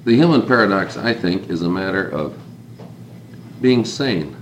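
An unhurried man with a deep voice and lively intonation leads a small group in an informal talk. He wanders reflectively, layering one "consider" on top of another. It was recorded in an echoey room with a faint hiss.

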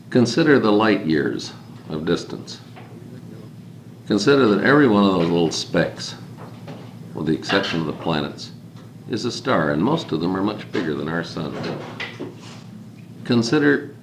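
This deep-voiced man talks in an unhurried, sing-song way, pausing often as he leads a small group informally. He muses and rambles, returning again and again to the word "consider." The room is echoey, with a faint hiss underneath.

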